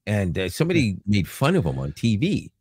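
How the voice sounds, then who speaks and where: Canadian male podcast co-host, deep, dry mic, talkative and joking. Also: brisk, breathy edge, no room sound. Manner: rambling, joking, animated storytelling. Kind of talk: casual chat.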